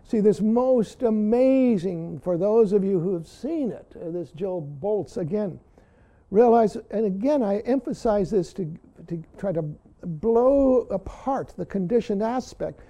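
A man giving a dharma talk to his students, often saying "see" and pausing for emphasis. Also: sits high, warm tone. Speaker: Zen teacher.

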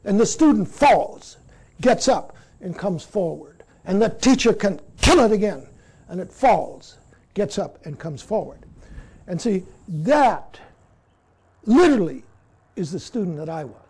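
A man giving a Zen dharma talk as the teacher, halting and dropping "see?" after many points. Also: high voice, very animated, a little mellow, slightly rough.

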